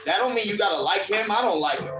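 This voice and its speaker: High-voiced guy going off on a live stream, preachy and cussing, echoey room w/ beat playing. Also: expressive, quick pace, music in the background. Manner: fiery, preachy, profane and confrontational. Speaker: livestream commentator. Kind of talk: impassioned live rant. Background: instrumental beat playing.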